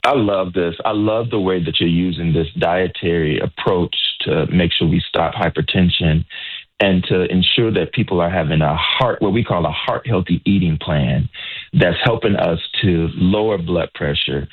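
On a health call-in radio program, the male host speaks in a low, slightly rough voice at a moderate pace. The talk is casual, enthusiastic and encouraging, full of repetition, with a narrow, telephone-like sound.

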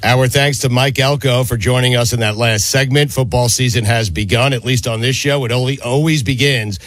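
A man's voice: medium pitch, fairly even intonation, moderate pace, a bit bright, dry recording. A man hosting a sports radio show in a studio, chatting casually and joking at his own expense. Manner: joking, self-deprecating, coughing fits. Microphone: studio microphone.

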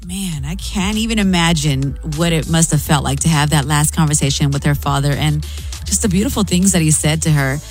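A woman's voice: deep voice, a little fast, faint music behind. A woman hosting a celebrity news segment on morning radio, casual and openly moved by the story. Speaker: radio entertainment news host.

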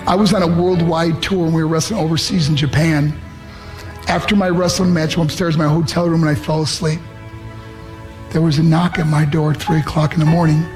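A man's voice: a little high, flat delivery, a little fast. A middle-aged man, a former wrestler giving an earnest, emotional motivational talk and acting out the voices of the people in his story. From United States. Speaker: motivational speaker. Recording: music underneath.

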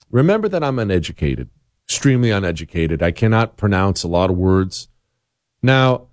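A man's voice: no echo, clean studio sound. Sarcastic male radio talk host. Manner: sarcastic, mocking, swings into high-pitched outbursts. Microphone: studio microphone.

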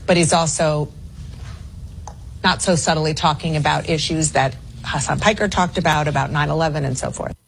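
Woman, news anchor, low voice, brisk, indignant, clip with faint noise. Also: fairly even intonation, creaky, poor audio. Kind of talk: broadcast news discussion.

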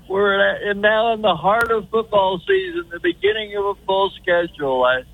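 A man from the Kansas City area calling in as a regular to a sports talk show, rambling and halting, repeating himself. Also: sits high, very animated, gravelly, no room sound. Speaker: regular caller. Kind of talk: phone-in call. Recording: tinny phone line.

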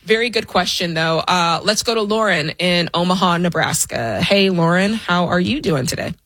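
A woman's voice: fairly low pitch, normal speed, fairly bright tone, no echo. A woman co-hosting a call-in finance show, talking upbeat and direct to listeners. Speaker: co-host.

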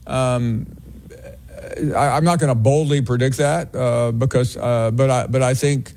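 A man hosting a sports call-in radio show, answering callers in a measured way with many fillers. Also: medium pitch, fairly even intonation, creaky, darkish tone. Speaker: host.

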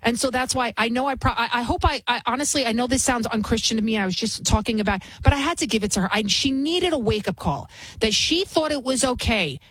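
A woman's voice: fairly high pitch, expressive, fast, fairly bright tone, husky, dry recording, poor audio. A woman in her forties hosting a talk radio show, ranting with heated indignation. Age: 40s. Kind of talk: opinionated talk radio monologue.

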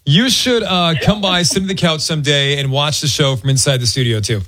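A man's voice: fairly high pitch, a little fast, a bit bright, soft background music. A man in his fifties hosting a radio show, joking and teasing in casual banter. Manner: jokey, teasing.

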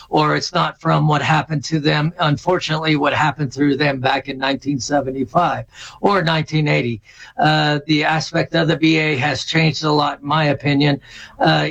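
Middle-aged male guest, slightly high voice, hesitant and stop-start, earnest interview answers. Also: creaky, a bit bright, highs cut off. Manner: halting, many fillers and restarts. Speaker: veterans service officer.

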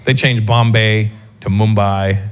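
A male comedian doing a stand-up set with animated storytelling and quick asides. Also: on the low side. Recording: live set with audience noise.

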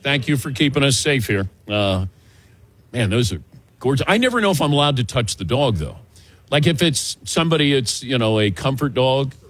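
A man's voice: mid-range voice, normal speed, no echo. A man hosting a sports talk show, telling stories in casual banter and acting out other voices. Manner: lively storytelling, acts out voices. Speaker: radio show host.

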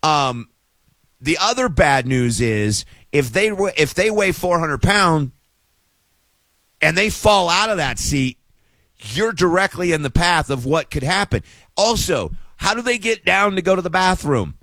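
A man's voice: on the high side, lively intonation, a little slow, a bit bright, dry recording. A middle-aged man ranting with sarcastic exasperation in a casual monologue.

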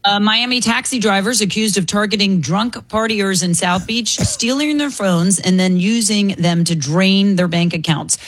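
Woman, talk show host, medium pitch, reads news briskly with casual asides.

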